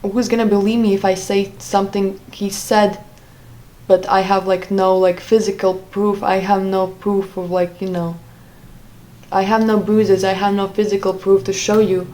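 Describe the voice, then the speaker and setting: In a low-quality recording, a vlogger shares a personal story in a warm, medium-pitched voice at a moderate pace, with flat delivery. She speaks hesitantly, full of fillers and restarts.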